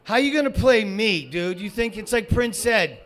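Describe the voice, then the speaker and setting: A man hosting a comedy show, swearing and shouting in a rant, then rambling with fillers and restarts. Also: high voice, lively intonation, normal speed. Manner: profane, shouting rants at a heckler.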